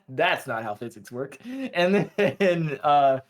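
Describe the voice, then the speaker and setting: This podcast co-host has a slightly high voice with lively intonation and speaks slowly. He casually recaps an anime episode, telling it in a loose, slangy way and briefly acting out the characters' lines.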